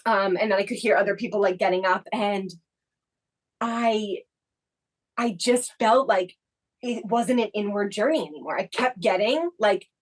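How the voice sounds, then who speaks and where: A woman's voice: mid-range voice, normal speed, low-quality recording. A woman co-hosting a podcast, telling a personal story in casual chat, reflective and full of the filler "like". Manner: reflective, leans heavily on the filler "like". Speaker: podcast co-host.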